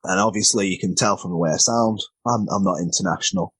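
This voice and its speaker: A man's voice: low-pitched, fast talker, a bit bright, breathy edge, no room sound. A man, a wrestler being interviewed, telling rambling, self-deprecating stories and often stumbling over his words. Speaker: wrestler guest. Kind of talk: casual interview storytelling.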